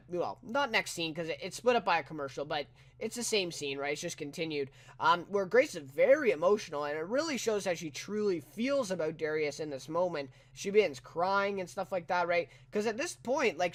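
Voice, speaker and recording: A man's voice: high-pitched, a bit bright. A man giving a casual, rambling spoken review of a TV episode, full of "you know" and "right?" with incredulous asides.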